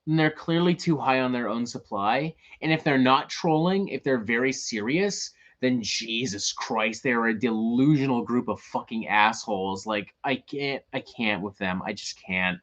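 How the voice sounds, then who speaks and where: A man's voice: mid-range voice, a bit bright, highs cut off. A man hosting a show, ranting in casual talk, profane and exasperated. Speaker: host.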